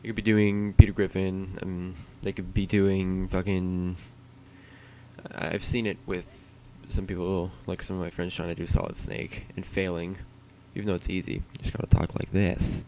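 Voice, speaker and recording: A man with a very low, mellow voice chats to himself on a livestream. His talk wanders and is full of swearing and jokes at his own expense, with the loose ease of someone killing time. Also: flat delivery, normal speed, slight background noise. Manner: rambling, profane and self-mocking. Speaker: streamer. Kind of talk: casual solo livestream chatter.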